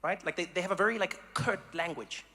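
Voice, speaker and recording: A man from South Africa doing stand-up comedy, animated and acting out voices and sounds. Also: high voice, fairly quick. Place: live comedy venue.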